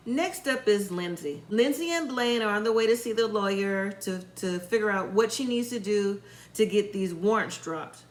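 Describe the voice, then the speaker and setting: A woman's voice: mid-range voice, normal speed, echoey room, low-quality recording. A woman giving a casual, opinionated recap of a reality show, acting out what the people said. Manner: chatty, opinionated, acts out quotes.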